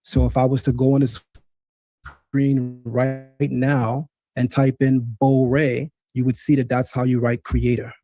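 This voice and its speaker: A man's voice: mid-range voice, level tone, measured pace, mellow, dry recording. A man hosting a live stream, teaching Hebrew and debating a caller, emphatic and insistent, repeating points to drive them home.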